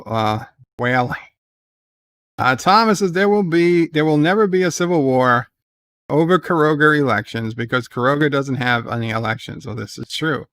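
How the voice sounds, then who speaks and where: A man hosting a casual live stream, with a smooth, resonant voice. He reads out viewer messages and talks back to them off the cuff. His speech wanders, full of "uh"s and restarts. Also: mid-range voice, a bit bright. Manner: reads viewer comments aloud and answers them, loose and rambling with many "uh"s. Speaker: livestream host. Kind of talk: casual livestream chat.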